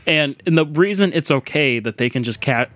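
A man's voice: fairly high pitch, lively intonation, normal speed, a bit bright. A man co-hosting a podcast, explaining at length in casual chat and laughing now and then. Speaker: podcast co-host.

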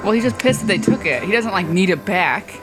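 A woman's voice: on the low side, animated, fairly quick. A woman guest on a casual podcast, laid-back and laughing along with the hosts. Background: spooky music playing.

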